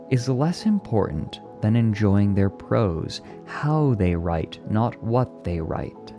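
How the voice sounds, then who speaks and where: A man streaming and chatting casually with his viewers, speaking gently and with enthusiasm. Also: on the low side, big pitch swings, slow, hardly any pauses, soft background music. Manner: gentle, soft-spoken. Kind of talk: casual live-stream chat, answering chat.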